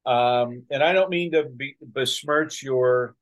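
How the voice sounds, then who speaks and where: Animated storytelling man host. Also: medium pitch, slow pace. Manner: animated storyteller, acts out quotes. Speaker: podcast host. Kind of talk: casual storytelling chat.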